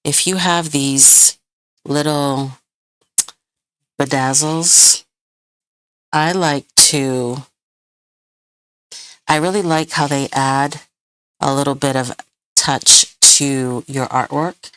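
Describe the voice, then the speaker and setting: A woman's voice: very deep voice, steady tone, drawn-out words, pauses often, fairly bright tone, clear, resonant tone, dry recording. A woman hosting a live craft tutorial, chatting with viewers as she works, rambling and hunting for words. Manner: chatty, rambling, hunts for words, laughs often. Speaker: crafting channel host.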